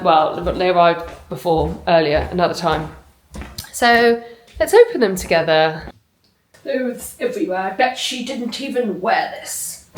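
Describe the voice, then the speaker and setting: A woman's voice: lowish voice, reverberant, a little hiss or hum, low-quality recording. Chatty woman unboxing at home. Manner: chatty, swears casually, gushing. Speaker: vlogger. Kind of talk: casual unboxing vlog. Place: home, indoors.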